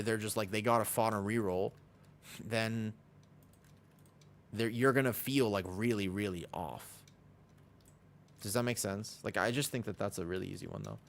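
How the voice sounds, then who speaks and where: A man streaming a game, chatting casually with viewers in a rambling way. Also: lowish voice. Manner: rambling, lots of "like" fillers. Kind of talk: casual livestream chat.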